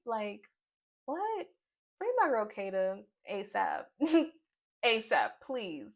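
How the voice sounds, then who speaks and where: A woman's voice: mid-range voice, wildly swooping pitch, takes it slowly, long pauses. A woman from Nashville chatting through a reality TV recap with sassy, playful asides. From Nashville, Tennessee, US. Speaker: YouTube reality TV reviewer. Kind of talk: casual recap vlog. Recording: dull lo-fi sound.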